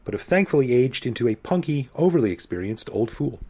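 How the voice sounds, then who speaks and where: A Canadian man in his forties co-hosting a podcast, talking in a relaxed, self-deprecating way. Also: medium pitch, a little fast, slightly rough. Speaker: podcast co-host. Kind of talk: casual chat.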